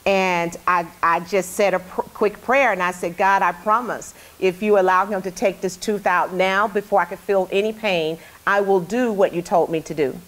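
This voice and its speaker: A woman's voice: mid-range voice, fairly even intonation, moderate pace, hardly any pauses, a bit bright. Candid woman telling a heartfelt story. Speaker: talk show host interviewed as guest. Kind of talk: casual interview storytelling.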